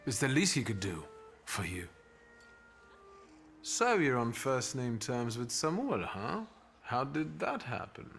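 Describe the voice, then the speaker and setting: An actor playing a calm, measured male thaumaturge, the lead of a story game. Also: medium pitch, vocal fry, faint music behind, heavily acted.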